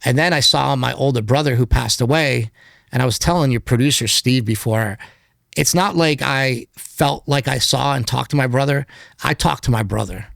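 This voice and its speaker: A mid-pitched man with a rough, gravelly edge speaks as a podcast guest. He talks in an open, meandering way and leans on filler words between thoughts. His voice is recorded close and dry in a studio. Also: moderate pace, fairly bright tone, no room sound. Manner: candid, rambling, heavy use of filler words. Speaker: podcast guest, documentary filmmaker. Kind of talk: casual interview conversation.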